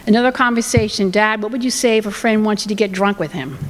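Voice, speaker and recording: A woman's voice: mid-range voice, fast talker, big-room sound, low-quality recording. A woman giving a talk on family communication in a conversational way, acting out what parents and children say. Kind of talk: presentation with acted examples.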